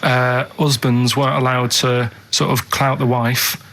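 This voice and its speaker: A man with a Manchester accent, talking deadpan and rambling on a comic radio show. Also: mid-range voice, measured pace. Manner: deadpan, rambling, flat-toned.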